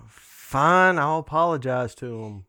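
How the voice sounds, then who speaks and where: A man's voice: on the high side, expressive, takes it slowly, bright, forceful tone, smooth, dry recording, studio quality. A man, co-hosting a casual podcast chat and teasing dryly. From Southern United States. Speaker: podcast co-host.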